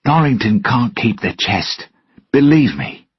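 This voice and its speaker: A man's voice: low-pitched, very animated, measured pace, breathy edge, no room sound, dull audio, full character voice. A man reading a storybook aloud and voicing a cocky pirate captain in a wry tone. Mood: urgent.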